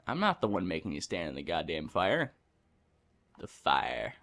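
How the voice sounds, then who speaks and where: A man's voice: deep voice, wildly swooping pitch, moderate pace, gravelly, fairly bright tone, faint music behind. A young man hosting a gaming channel, chatting casually and ranting with lots of swearing while he plays. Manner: ranting, profane, rambling. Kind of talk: casual let's-play commentary.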